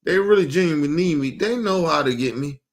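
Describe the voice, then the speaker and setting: A casual stream's host rants fast and heatedly, swearing freely, with lively intonation. He keeps repeating himself and swings from loud bursts to low mutters.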